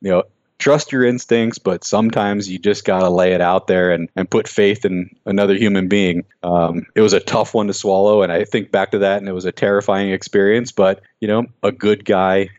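An earnest man with a low voice tells a personal story as a podcast guest, reflective and halting, often restarting his sentences. The recording sounds dull and very dry. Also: fairly even intonation, a little mellow, no echo. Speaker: guest, racing driver.

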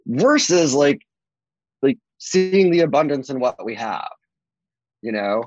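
A man's voice: measured pace, no echo, lo-fi sound. A man, a real estate agent, talking casually in an interview, rambling with many fillers. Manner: rambling, many fillers, lively swings in pitch.

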